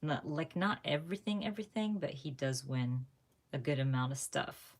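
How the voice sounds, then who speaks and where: A chatty woman hosts a live craft stream from home, talking to viewers as she works. Her voice sits low, but it jumps up when she gets excited, and she laughs often. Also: moderate pace. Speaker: craft channel host. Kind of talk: casual live-stream chat while crafting.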